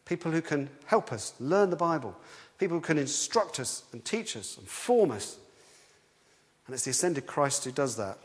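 A man preaching a sermon in a lively, conversational way, often restarting his sentences. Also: a little high, normal speed. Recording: long hall reverb.

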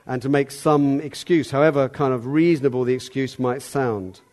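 A man preaching a sermon in a conversational way, now and then calling out loud to act a part. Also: medium pitch, animated, normal speed, few pauses. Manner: conversational, acts out the servant's calls loudly.

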